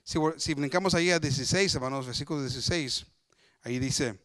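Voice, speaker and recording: A man's voice: a little high, very fast, bright, forceful tone, dry recording, clean studio sound. A man preaching, reading scripture aloud and retelling it in his own words with many repeats and restarts. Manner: switches between English and Spanish. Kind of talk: bilingual sermon, reading scripture and explaining.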